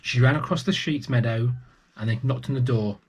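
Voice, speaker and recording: A man reading a picture book aloud to young children, gentle and unhurried. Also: medium pitch, noisy background. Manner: gentle and unhurried, with small restarts.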